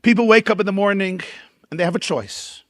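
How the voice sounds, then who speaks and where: A man's voice: sits high, fairly quick, no echo, studio quality. A man, a rabbi, giving a storytelling keynote lecture at a dinner event, emphatic and building up lists.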